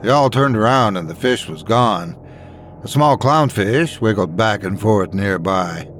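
A man's voice: lowish voice, animated, a little slow, a bit bright, a little hiss or hum. A man narrating a scripted horror story and doing all the character voices.

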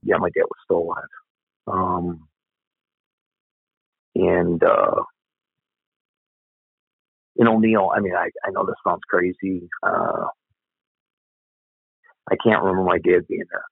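A man's voice: deep voice, steady tone, takes it slowly, vocal fry, pauses often, breathy edge, no echo. An older man, a former cop telling a story bluntly, with some swearing. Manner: blunt, profane. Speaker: retired police officer. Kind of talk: storytelling interview. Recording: tinny phone-like line.

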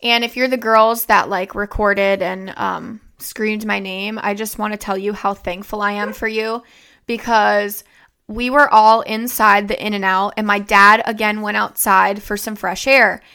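Bright, clear-voiced young woman storytelling. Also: mid-range voice, little pitch movement, a little slow. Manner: rambling and conversational, with many fillers and restarts. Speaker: vlogger. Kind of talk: casual personal storytelling.

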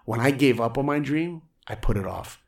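Gravelly guy telling a story, gets loud and animated, does voices for people. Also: mid-range voice, normal speed. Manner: energetic, acts out quotes in raised voices. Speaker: guest storyteller.

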